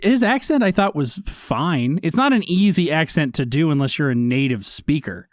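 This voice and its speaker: A man with a slightly raised voice, weighing his opinions on a podcast. He talks in a measured, steady way. The recording is dry and close. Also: a little high, no room sound. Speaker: podcast co-host. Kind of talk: casual chat.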